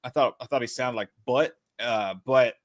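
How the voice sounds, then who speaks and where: A man co-hosting a casual movie news show, relaxed and joking, swearing casually. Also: mid-range voice, normal speed. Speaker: podcast co-host.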